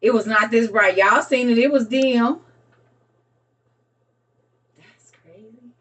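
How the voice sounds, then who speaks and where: A woman, chatting casually with her live stream viewers and talking to them as y'all. She gets excitable, breaks into laughter and has a young son. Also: on the high side, slow pace, far from the mic, highs cut off. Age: adult with a young son.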